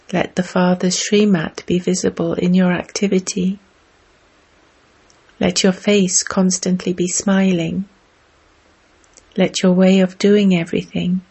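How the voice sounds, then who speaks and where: A woman delivering a measured spiritual discourse, exhorting listeners with rhetorical questions. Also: lowish voice, dark tone, slightly rough. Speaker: spiritual teacher. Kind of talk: slow spiritual discourse reading.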